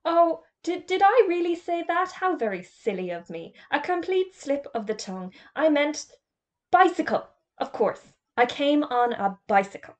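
A woman's voice: sits high, big pitch swings, normal speed, hardly any pauses, voice pushed up. Woman doing a cheery, courteous magician. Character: cheery polite male magician, sly and courteous.

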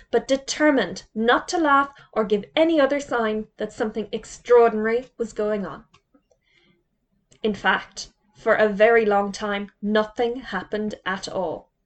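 A woman with a slightly high voice reads a children's storybook aloud. She moves easily between calm narration and raised, lively character dialogue.

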